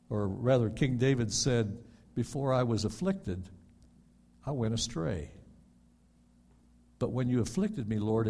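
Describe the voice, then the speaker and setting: An older male pastor preaches a sermon, rising loud before dropping soft and low, and he often stammers on repeated words.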